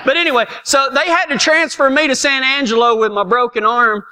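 High-voiced, folksy man. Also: fairly even intonation, a little fast, sharp tone, slight background noise. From Texas. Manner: folksy, self-mocking, laughs often. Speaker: storyteller. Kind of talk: comic personal anecdote.

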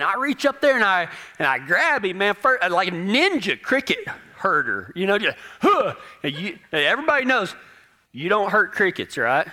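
A man with a fairly high voice spins a humorous personal anecdote. His delivery is animated and self-deprecating, with a folksy storyteller's ease. His tone rings bright and forward.

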